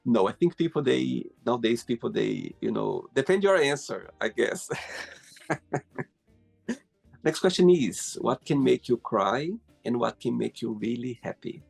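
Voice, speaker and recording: Gravelly, husky male interview host. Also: mid-range voice, expressive, unhurried, a little mellow, soft background music. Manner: friendly, slightly broken English phrasing. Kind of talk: casual interview questions.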